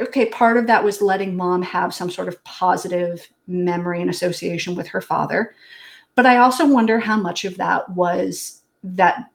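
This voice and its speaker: Woman on a podcast, lowish voice, thinking out loud, kinda musing. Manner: reflective, speaks in long musing sentences. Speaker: podcast co-host. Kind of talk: casual conversation.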